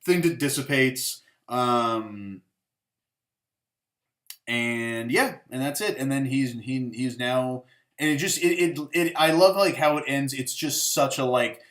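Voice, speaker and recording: A man's voice: medium pitch, takes it slowly, a bit bright. Rambling, profane man reviewing a film. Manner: rambling, profane, full of fillers, acts out quotes. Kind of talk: casual rambling film recap. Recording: echoey room.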